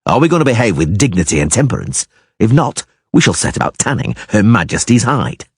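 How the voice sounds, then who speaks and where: Storybook monster hunter, gruff and curt, lowish husky voice, as a man reads him. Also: big pitch swings, a little fast, no echo, heavily acted. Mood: stern. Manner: stern, dry, curt. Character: gruff, stern, weary male monster hunter.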